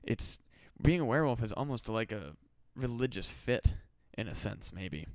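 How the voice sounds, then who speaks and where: Guy ranting on his podcast, swears a bunch, smooth clear voice, super dry sound. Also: medium pitch, animated, moderate pace, no echo. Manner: rambling, swears a lot, mock-desperate pleading. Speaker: podcast host. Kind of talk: casual solo podcast rant.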